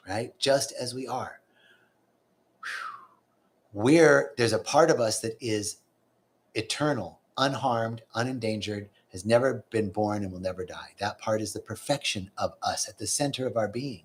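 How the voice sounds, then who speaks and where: A man's voice: mid-range voice, a little slow. A man giving a spiritual talk, earnest and conversational, now and then acting out inner voices with a curse. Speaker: spiritual teacher. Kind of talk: live-streamed spiritual talk.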